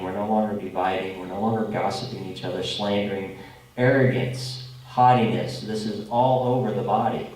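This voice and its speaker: A man preaching a conversational sermon to a congregation, often checking in with a quick "okay?". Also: fairly low pitch, a little mellow. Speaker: pastor. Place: congregation meeting room. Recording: echoey room, from far off.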